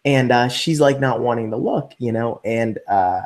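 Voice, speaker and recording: A man's voice: mid-range voice, normal speed. A man telling a story casually in an interview, full of fillers and acted-out quotes. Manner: animated, acts out quoted voices, many fillers. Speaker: interview guest.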